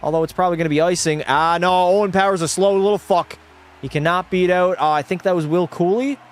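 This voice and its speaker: A man's voice: high voice, fairly even intonation, fast. Profane young male gaming streamer. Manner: profane, talks to chat, erupts into shouting rants. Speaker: streamer playing a hockey video game. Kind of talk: casual gaming livestream commentary.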